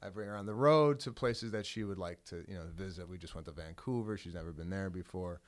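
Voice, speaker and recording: Guest comic, male, Chicago Italian accent; low-pitched, close and dry; animated, self-mocking storyteller. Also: fast, dry recording. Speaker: guest comedian. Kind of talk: casual storytelling chat. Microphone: podcast studio mic.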